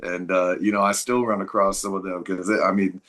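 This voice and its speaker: A younger man as an interview guest, talking in a relaxed way, saying "man" a lot and laughing easily. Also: sits low, brisk. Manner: laid-back, says "man" often, laughs easily. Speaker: guest, blues musician. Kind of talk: casual interview chat.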